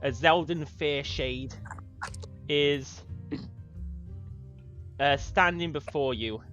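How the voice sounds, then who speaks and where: A man running a tabletop game as game master, narrating with frequent pauses and fillers. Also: on the high side, fairly bright tone. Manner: hesitant, many fillers. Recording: dull lo-fi stream audio with faint music.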